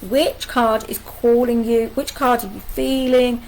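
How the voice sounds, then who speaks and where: Woman, middle-aged, live card reading, slightly high voice, chatty, rhetorical questions. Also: measured pace, poor audio. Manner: animated, repeats rhetorical questions, chatty asides. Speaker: angel card reader.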